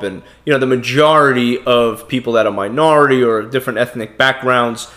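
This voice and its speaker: A man hosting a podcast in casual chat, excitable, stammering and restarting, jumping up in pitch and volume to stress his points. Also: normal speed. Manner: stammers and restarts mid-sentence. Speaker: podcast host.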